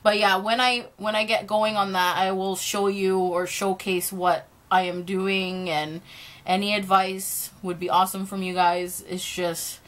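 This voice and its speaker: Bright-voiced chatty young woman vlogger. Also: mid-range voice, little pitch movement, unhurried. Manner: chatty, self-deprecating, laughs often. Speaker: YouTuber answering fan questions. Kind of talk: casual Q&A vlog.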